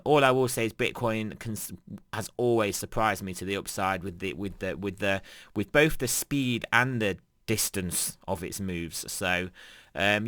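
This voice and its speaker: A man's voice: on the low side, bright, forceful tone, no echo, clean studio sound. A young man giving casual, rambling market commentary, full of fillers and restarts and frequent chuckles. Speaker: crypto trading commentator.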